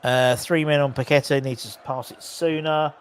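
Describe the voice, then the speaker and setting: A man's voice: mid-range voice, steady tone, normal speed, clear, resonant tone. A man hosting a live football watchalong, calling the play casually, joking and bantering with viewers in the chat. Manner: chatty, jokey, banter with viewers. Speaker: host of a live match watchalong.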